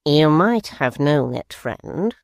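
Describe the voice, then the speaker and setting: An audiobook narrator voicing a male secretary who speaks mildly and in a measured way, with a gravelly edge. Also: mid-range voice, very animated, no echo, clean studio sound. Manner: mild, measured, slow. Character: smooth, scheming male secretary.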